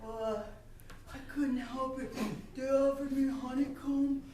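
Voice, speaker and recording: A woman's voice: high voice, steady tone, takes it slowly. A woman doing a meek round young gnome. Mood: sheepish. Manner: meek, apologetic. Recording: echoey stage, distant mic, faint noise.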